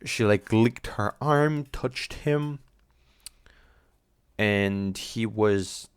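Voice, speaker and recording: A man's voice: lowish voice, extremely slow, smooth, dry recording, clean studio sound. A man giving casual reaction commentary on an anime at home, rambling, swearing and thinking aloud. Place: home, on a squeaky chair.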